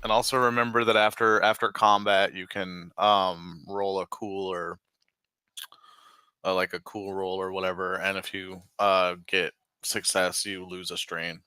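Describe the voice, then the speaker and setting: A man's voice: low-pitched, level tone, a little slow, sharp tone, smooth, no echo. A man playing a tabletop game, joking around and hesitating with many restarts. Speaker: player. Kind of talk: casual tabletop play.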